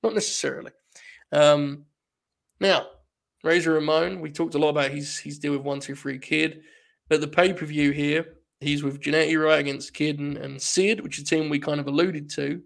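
Gravelly-voiced man chatting animatedly. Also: fairly high pitch, moderate pace. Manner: animated, swears freely. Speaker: podcast host. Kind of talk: casual chat.

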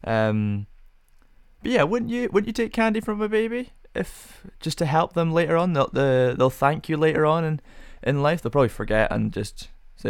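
A man's voice: a little high, expressive, moderate pace, clean tone, no room sound, clean studio sound. A young man hosting a casual solo podcast, rambling through rhetorical questions with self-amused musing. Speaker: podcast host.

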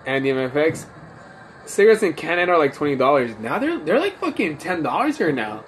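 A fairly high-pitched male voice, very animated and brisk, carries this drunk livestream chat. The tipsy comedian and podcast host rambles and swears casually, captured as phone livestream audio with faint background noise.

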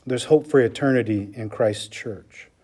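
A man's voice: medium pitch, a little slow, darkish tone, husky. A man, a pastor, preaching a sermon with emphatic delivery, often checking in with the congregation with "okay?" and "right?".

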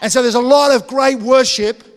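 A man delivering a sermon in a church, with a fairly high voice. He keeps things conversational, cracks asides to the congregation and restarts his sentences often. The sound carries a long reverb from the church hall. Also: steady tone, moderate pace, a little hiss or hum. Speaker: pastor.

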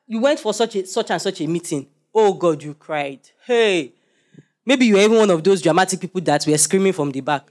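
A young man preaching a sermon, animated and joking as he quizzes the congregation. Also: high voice, fairly quick.

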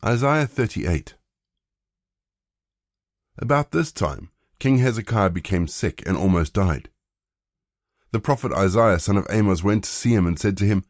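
Deep-voiced man reading scripture. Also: expressive, unhurried, long pauses, no echo, clean studio sound. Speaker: scripture reader.

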